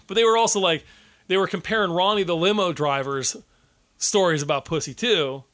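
A man's voice: high voice, brisk, a bit bright. A man co-hosting a casual podcast, telling profane stories with frequent laughter. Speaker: podcast co-host. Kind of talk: casual chat.

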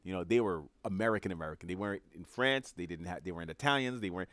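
A man's voice: low voice, rapid-fire, fairly bright tone, no room sound. A man giving opinionated solo commentary as a podcast host, emphatic and sarcastic, repeating his phrases for effect.

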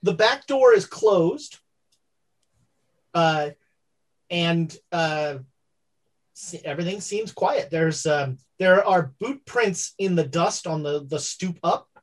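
A woman narrating as game master of a tabletop role-playing game, halting and full of fillers. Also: on the low side, lively intonation.

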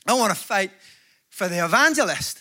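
A Northern Irish man preaching to a conference crowd in a high, bright voice. He mixes jokes with fervent calls to his listeners. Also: animated, normal speed. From Northern Ireland. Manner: jokey, rising to fervent exhortation. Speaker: evangelist preacher. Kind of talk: conference sermon with humor. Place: large conference hall before an audience.

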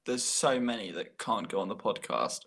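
A man's voice: on the low side, normal speed, gravelly, fairly bright tone, husky. A young man chatting playfully on a casual podcast about school days. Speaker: guest.

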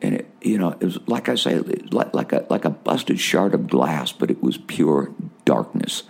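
A man with a very low, gravelly voice gives a personal testimony sermon about his visions. He talks in a raspy, husky tone, circling back on his words and pleading with his listeners. He speaks with fervent emotion throughout. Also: expressive, normal speed, a little mellow. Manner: emotional, repetitive, addresses listeners as folks. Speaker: preacher recounting visions.

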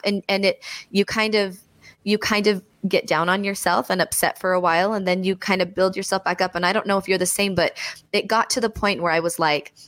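A woman's voice: fairly low pitch, fairly bright tone, dry recording. A woman in her thirties hosting an interview, upbeat and chatty with frequent restarts. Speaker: host. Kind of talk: casual interview chat.

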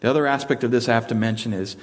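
A man's voice: mid-range voice, very fast. A man preaching a sermon in a casual, conversational way, mixing humor into it. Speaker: pastor.

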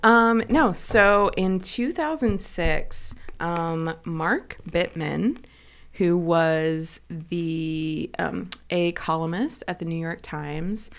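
A woman co-hosts a casual podcast with a somewhat low voice. She chats loosely, laughs often and leans on fillers while she explains things. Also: drawn-out words, gravelly. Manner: chatty, laughing, filler-heavy storytelling. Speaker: podcast co-host. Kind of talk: casual chat.

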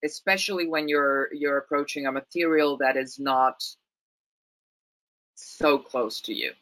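Woman from Rome, Italian accent, reflective interview guest with restarts; tense, crisp tone, dry close sound. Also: low voice, a little slow, a bit bright, no room sound, poor audio. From Italy, Rome. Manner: thoughtful, many restarts and repeated words. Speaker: actress, guest. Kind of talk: interview conversation.

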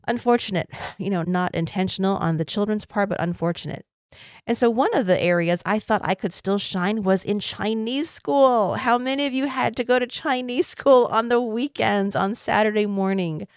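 A woman's voice: medium pitch, no room sound, studio quality. A woman in her fifties, from Taiwan, hosting a podcast and telling an earnest, reflective personal story with light laughs. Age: 50s. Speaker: podcast host.

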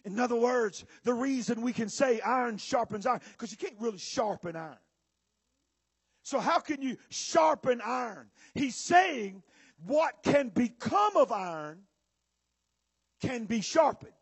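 A male preacher, giving a sermon with bursts of shouting and drawn-out emphasis to a church audience. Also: very high-pitched, lively intonation, slightly rough, no echo. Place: church or conference hall with audience.

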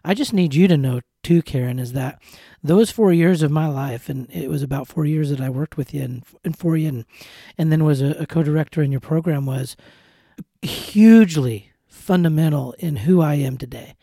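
A man's voice: on the high side, moderate pace, gravelly, dark tone, slightly rough, no room sound, clean studio sound. A man in his thirties hosting a podcast, speaking earnestly and often repeating words as he searches for them. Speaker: podcast host. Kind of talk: heartfelt conversational interview.

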